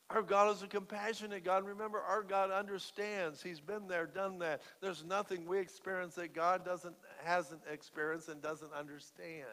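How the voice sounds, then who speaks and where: A man's voice: sits high, level tone, moderate pace, hardly any pauses, sharp tone. A man preaching a sermon in an earnest, emphatic way, stressing key words. The recording has a long hall reverb. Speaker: pastor.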